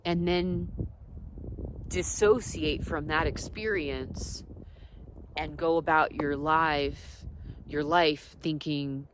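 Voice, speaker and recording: A woman with a low, unhurried voice tells personal stories in a casual wellness vlog. She drifts between soft asides and emphatic points. A faint hiss of noise sits under her voice. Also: fairly even intonation. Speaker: wellness vlogger. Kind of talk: casual reflective storytelling.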